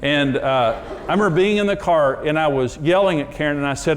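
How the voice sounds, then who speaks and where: A marriage teacher and TV host delivers a conversational sermon on marriage at a fairly quick pace, with slight background noise. Earnest and emphatic, he tells self-deprecating, candid stories about himself, his pitch jumping suddenly.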